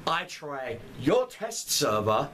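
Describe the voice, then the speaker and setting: A man's voice: a little high, sing-song, slow, fairly bright tone, slight background noise. A man in a furious, profane rant as a gamer, heated and swearing throughout. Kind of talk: angry rant vlog.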